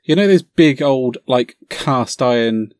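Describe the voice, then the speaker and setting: Casting: excitable man, podcast co-host, dry close sound. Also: mid-range voice, slow, no echo. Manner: enthusiastic, rambling with fillers. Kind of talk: casual chat.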